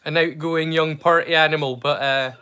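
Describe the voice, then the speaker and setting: A man's voice: on the high side, fairly even intonation, moderate pace, pushed and bright, smooth. A man, chatting casually and rambling as he hosts a movie watch-along livestream. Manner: chatty, rambling, self-correcting. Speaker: livestream host.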